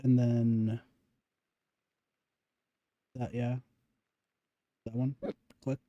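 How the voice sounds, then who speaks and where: A man streaming a game, coaching his co-player in a halting, filler-heavy way while he keeps hiccuping. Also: medium pitch, little pitch movement, dark tone, no room sound, highs cut off. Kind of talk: casual gaming chat.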